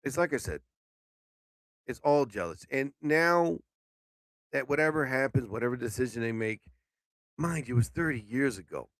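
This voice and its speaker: A man hosting a casual live stream show, sleepy and yawning, rambling with loud outbursts and swearing. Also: mid-range voice, expressive, moderate pace, long pauses, dry recording.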